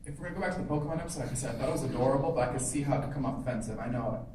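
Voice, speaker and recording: A man speaking as a convention panelist in a relaxed, chatty way, often laughing. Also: medium pitch, racing, background noise. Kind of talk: casual panel discussion. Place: large convention hall. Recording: echoey hall from far off, crowd behind.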